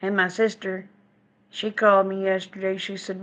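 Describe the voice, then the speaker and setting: Bright-voiced woman chatting with viewers. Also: mid-range voice, little pitch movement, normal speed. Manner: folksy, chatty, laughs easily. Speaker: live stream host. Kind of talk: casual chat with viewers. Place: home, indoors.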